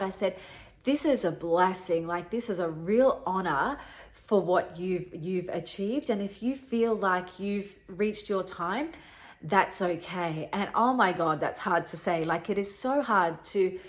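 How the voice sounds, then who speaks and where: A middle-aged woman hosting a podcast, telling an emotional personal story in an earnest way, often repeating herself. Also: on the low side. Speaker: podcast host.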